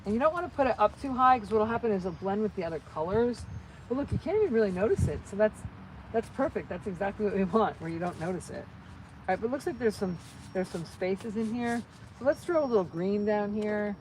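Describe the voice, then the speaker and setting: A woman's voice: mid-range voice, lively intonation, fairly quick, a little hiss or hum, rough recording. A woman hosting a live crafting session, chatting cheerfully to viewers as she works and often repeating herself. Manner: cheerful, rambling, repeats phrases, talks to viewers while working.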